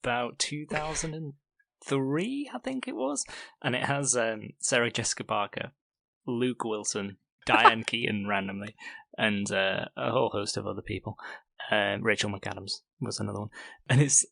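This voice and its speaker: A lower-pitched man with a gravelly, bright edge to his voice. He chats on a podcast in a rambling way and laughs often. The sound is close and dry. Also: moderate pace, dry recording. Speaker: podcast co-host. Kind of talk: casual chat.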